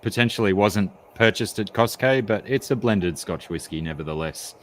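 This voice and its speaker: A man chatting on a late-night stream and telling a long joke in a drawn-out, deliberate way. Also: lowish voice, expressive, a little hiss or hum. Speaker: stream guest. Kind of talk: casual chat and joke telling.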